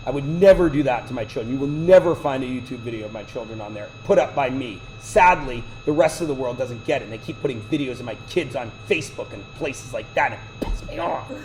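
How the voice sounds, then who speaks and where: A man's voice: mid-range voice, wildly swooping pitch, fast, few pauses, noisy background. A man teaching math to a class, lecturing with chatty, joking side stories. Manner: chatty, digressive, joking asides.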